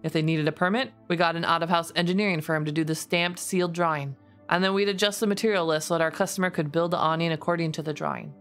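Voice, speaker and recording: A woman streamer reading posts aloud in a deliberately lower, steady voice. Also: soft background music. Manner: reads in a lower, steadier voice, laughs often.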